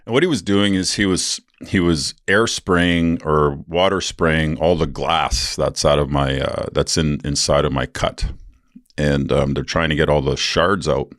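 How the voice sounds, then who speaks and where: A man with an extremely deep, low voice tells a rambling, profane story on his podcast, full of fillers. The sound is dry and close, with no room around it. He jumps into raised voices when he acts out what other people said. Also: steady tone, measured pace, a bit bright, no room sound. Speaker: podcast host. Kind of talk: casual storytelling.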